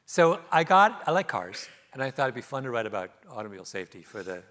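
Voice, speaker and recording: A man's voice: mid-range voice, big pitch swings, fast talker, fairly bright tone. A middle-aged man, an author, telling stories with animation in an onstage conversation in a theater, laughing often. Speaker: author guest. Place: theater stage before an audience.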